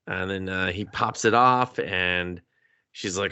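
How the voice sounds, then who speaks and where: A man co-hosting a movie review podcast, retelling scenes in a loose, profane way and jumping into quick character voices. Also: low-pitched, pushed and bright, dry recording. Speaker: podcast co-host. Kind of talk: casual movie review chat.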